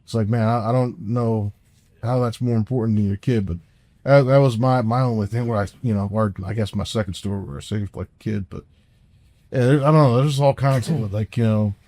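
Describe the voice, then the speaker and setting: A man with a low, warm, mellow voice tells a story on a podcast. His talk is loose and rambling, full of restarts and casual swearing. The sound is dry and close. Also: brisk, no echo. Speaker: podcast co-host.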